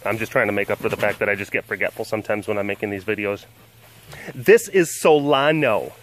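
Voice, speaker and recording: Outdoors by the animal enclosures at a big cat sanctuary, a vlogger with a fairly low voice talks a little fast, playfully cooing baby talk at the cats and narrating for the camera. A little hiss or hum is audible.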